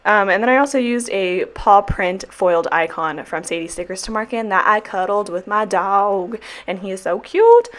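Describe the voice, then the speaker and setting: A woman's voice: mid-range voice, animated, moderate pace, hardly any pauses, a bit bright. A young woman talking casually through her weekly planner, rambling, swearing freely and joking apologies as she goes. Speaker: planner vlogger and teacher. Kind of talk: casual chat while sticker planning.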